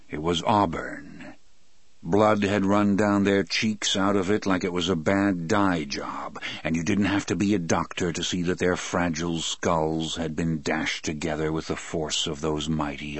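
A man narrating a first-person audiobook in a measured, grave, unhurried manner. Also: deep voice, no room sound.

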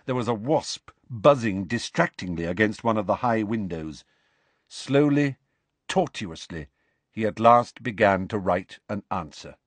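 A man reading a novel aloud as narrator, steady and expressive. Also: lowish voice, no room sound. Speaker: audiobook narrator. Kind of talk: scripted narration.

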